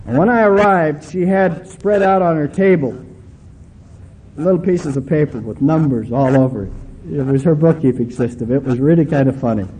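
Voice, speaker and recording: A man preaching from the pulpit, stretching key words slowly for emphasis and slipping into homespun storytelling. His voice sits high, yet it sounds mellow and warm. A faint hum of ambient noise lies under his voice. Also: rough recording. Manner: emphatic preaching with slow, drawn-out stresses; folksy storytelling. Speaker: pastor. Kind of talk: sermon.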